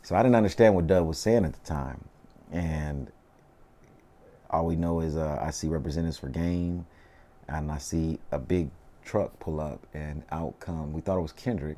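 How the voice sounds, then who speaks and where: A man's voice: rumbling low, moderate pace, warm tone. A man, a rapper telling stories in a casual interview, slangy and laid-back, often saying "you know what I mean".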